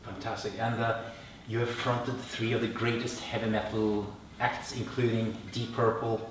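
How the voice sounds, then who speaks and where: Man, low voice, interviewer, halting questions, distant and echoey, light noise. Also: level tone. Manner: hesitant, repeats words while asking. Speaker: interviewer, host. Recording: echoey room, from far off, faint noise.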